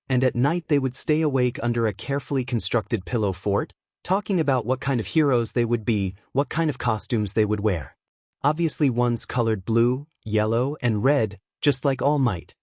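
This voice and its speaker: A man reading a dark fan fiction story aloud as narrator, in a steady, even storytelling manner. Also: medium pitch, no echo, studio quality.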